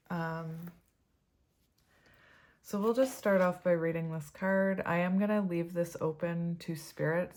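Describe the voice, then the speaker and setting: A woman in her forties, chatting in a rambling, casual way with frequent soft laughs as she gives a tarot reading. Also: low-pitched. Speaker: tarot reader.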